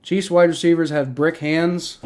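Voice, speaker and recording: A man's voice: on the high side, steady tone, unhurried, a little mellow. A young man hosting a live football reaction stream, talking in a heated, profane rant and often repeating himself and restarting. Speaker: livestream host reacting to football.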